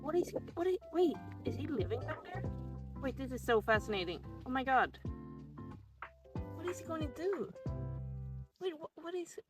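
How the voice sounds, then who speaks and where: A woman's voice: sits high, big pitch swings, normal speed, long pauses, music in the background. Chatty young woman vlogging outdoors in woods. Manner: chatty and rambling, breaks into whispers and laughs. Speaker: lifestyle vlogger. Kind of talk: casual vlog talk while walking.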